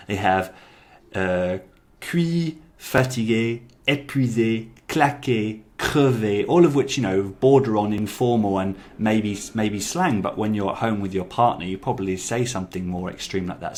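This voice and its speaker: A man giving casual review commentary as a language-learning YouTuber, chatty, repeating lines aloud with many fillers. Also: lowish voice.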